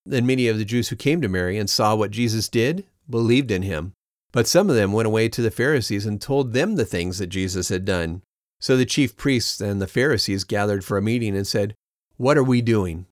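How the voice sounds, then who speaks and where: A man reading a Bible chapter aloud in a steady way, raising his voice a little for quoted speech. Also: fairly low pitch, brisk, dry recording, studio quality. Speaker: scripture reader.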